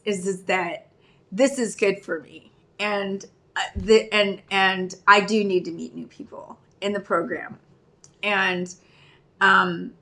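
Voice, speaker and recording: A woman in her fifties in addiction recovery records a personal vlog, her mid-range voice pushed and bright. She's candid and rambling, often pausing to question herself as she gropes for what to say.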